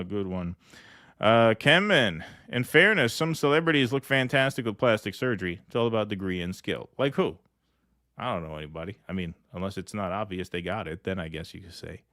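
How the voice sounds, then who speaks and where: A man's voice: fairly low pitch, moderate pace, a bit bright, dry recording, studio quality. A man co-hosting a political podcast, loose and joking, who laughs often. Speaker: podcast co-host. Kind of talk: casual political commentary.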